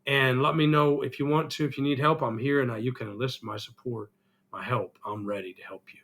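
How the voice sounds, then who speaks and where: A middle-aged man records an earnest, emotional vlog reflecting on his life while still recovering from an illness, and he sounds congested. His medium-pitched voice is steady and fairly bright, and he talks briskly.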